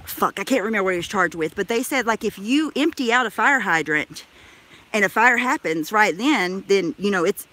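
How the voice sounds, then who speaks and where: A woman's voice: medium pitch, expressive, moderate pace, sharp tone. A woman chatting on a live stream while walking through a park, out of breath, swearing casually and laughing often. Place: outdoors in a crowded park. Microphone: handheld phone camera.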